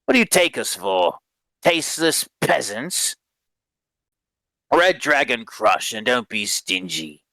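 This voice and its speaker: A man's voice: a little high, animated, slow, few pauses, pushed and bright, clear, resonant tone, no echo, pitched above the performer's own voice, heavily acted, low-quality recording. A man voicing a drunk, arrogant young man with a scoffing swagger.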